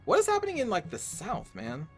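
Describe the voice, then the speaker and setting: A chatty, wry man talks through his strategy game as he plays, his pitch sitting a little high and swinging freely. He thinks aloud in a casual let's-play manner. Faint game music runs underneath. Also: wildly swooping pitch, fairly quick, a bit bright. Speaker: gaming streamer.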